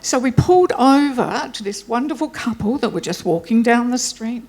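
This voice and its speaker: A woman's voice: on the high side, expressive, moderate pace, a little mellow. A woman gives a chatty, self-deprecating welcome speech before introducing a guest lecturer. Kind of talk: informal anecdotal welcome speech.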